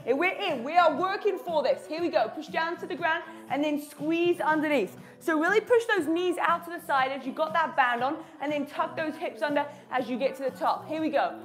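A woman's voice: high voice, fairly quick, few pauses, soft background music. A woman leading a live home workout, cueing the moves with upbeat encouragement and chatting to her dog between counts. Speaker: fitness instructor.

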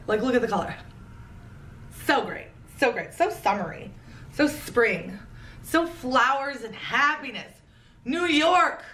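A woman's voice: a little high, fairly bright tone. A woman vlogger chatting casually through a try-on haul, gushing and playful with jokey asides. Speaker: fashion vlogger. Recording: roomy echo, a bit far from the mic.

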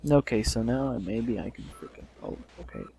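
A young man giving casual let's play commentary, swearing and yelling in frustration as he plays. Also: mid-range voice, animated, normal speed, gravelly, a little hiss or hum.

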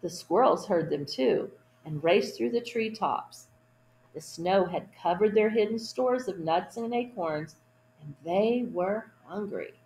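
A woman reading a children's picture book aloud at storytime, adding gentle asides to young listeners. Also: medium pitch, lively intonation, a little slow, echoey room, slight background noise, rough recording. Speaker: storytime reader.

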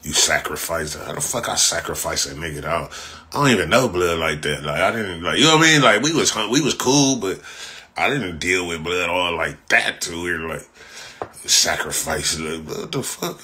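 On his livestream, a young host from Inglewood in Los Angeles rants casually, swearing, bragging, repeating himself and frequently laughing. His voice sits low, pushed and bright, at a normal pace.

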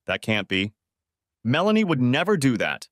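A man's voice: mid-range voice, big pitch swings, normal speed, no room sound, clean studio sound, close to an everyday voice. A man voicing a worried young woman friend in an audiobook, anxious and pleading. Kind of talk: audiobook narration.

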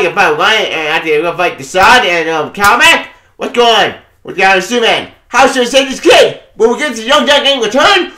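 Male comic reviewer, high animated voice, loud excitable delivery full of curses, roomy echo. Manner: excitable, swears a lot, laughs often. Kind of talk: casual spoken review.

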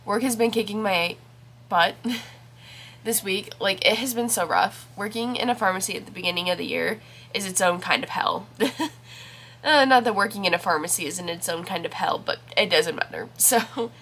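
A woman's voice: medium pitch, normal speed, fairly bright tone. A woman chatting casually in a vlog about her week and her reading, talking in a rambling way with lots of fillers while congested and with a scratchy throat. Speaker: book vlogger.

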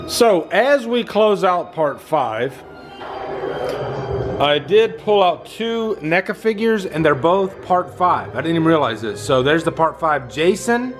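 A middle-aged man giving casual movie reaction commentary, enthusiastic and loose, swearing freely. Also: on the high side. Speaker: vlogger.

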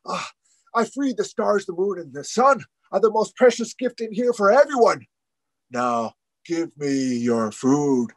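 A man voicing Raven, a greedy male trickster who demands food in a slow, drawn-out way. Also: high-pitched, sing-song, heavily acted. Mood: demanding.

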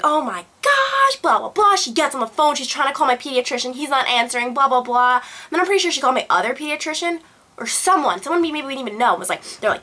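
A young woman vlogger telling a personal story to camera in a casual, animated way, acting out quotes and filling with "blah, blah". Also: medium pitch. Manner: animated retelling, acts out quotes, fillers like "blah blah". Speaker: beauty vlogger.

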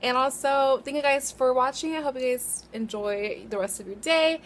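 A chatty young woman with a fairly high voice rambles casually to her camera at home, correcting herself now and then. A faint hum of room ambience sits behind her. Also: normal speed. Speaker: beauty vlogger. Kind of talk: casual chat.

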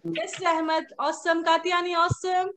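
A woman's voice: very high voice, little pitch movement, normal speed, fairly bright tone. A young woman teaching a live online phonics class to young children, sing-song and coaxing, full of praise and endearments, heard over a video call mic. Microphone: computer or headset mic on a video call.

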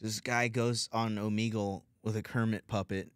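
A man's voice: on the low side, flat delivery, moderate pace, smooth, dry recording. A man hosting a comedy podcast, telling crude, rambling stories in casual banter. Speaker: podcast host.

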